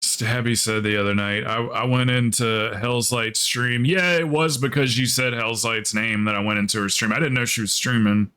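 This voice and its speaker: Streaming a game, this man chats casually in a medium-pitched voice at a moderate pace, flowing smoothly with few pauses. He rambles and curses, laughing a lot, and animatedly mimics other people in quotes.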